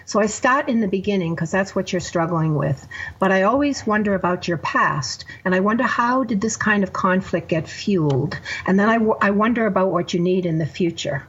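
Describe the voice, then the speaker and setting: A woman's voice: medium pitch, animated, brisk, husky, muffled recording. A woman therapist guest on a podcast, explaining her method step by step with examples. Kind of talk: podcast interview.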